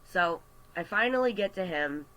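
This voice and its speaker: A man telling a story on a casual vlog, animated and chatty with lots of fillers, into a computer mic. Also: high-pitched, normal speed, poor audio. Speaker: artist vlogger. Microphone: webcam or computer mic.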